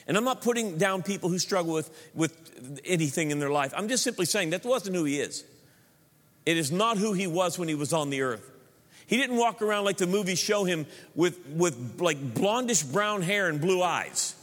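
A man with a high voice preaches a sermon, ringing out through a long-reverb church hall. He drives points home with emphatic repetition and breaks into joking asides. His delivery stays animated and punchy. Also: normal speed. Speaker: pastor.

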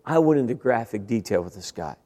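A middle-aged man preaches a sermon, sharing his testimony conversationally and addressing the congregation directly. His mid-range voice is warm, expressive and fast, with the long reverb of a large hall around it.

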